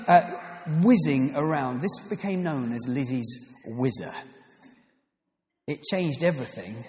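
A man's voice: mid-range voice, expressive, unhurried, pauses often. A man preaching a sermon, reading scripture aloud and adding playful, jokey asides. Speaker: pastor. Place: church. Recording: echoey reverberant church hall.

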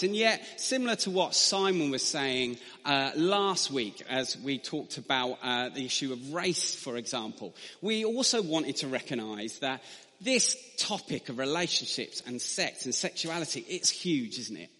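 A man's voice: mid-range voice, animated, unhurried, sharp tone, big-room sound. A man telling a funny, self-deprecating story as a preacher in a sermon. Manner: humorous, self-deprecating anecdotes.

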